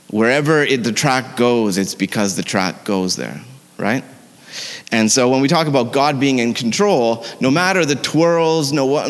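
A man's voice: medium pitch, a bit bright. Man preaching in a reverberant church hall. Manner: conversational, with fillers and self-corrections. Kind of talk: sermon.

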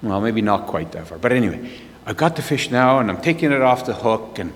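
Lively storytelling preacher man in hall. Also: mid-range voice, fairly quick. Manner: animated storyteller who laughs at himself. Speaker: preacher sharing a testimony. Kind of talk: storytelling sermon. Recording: long reverb of a large hall.

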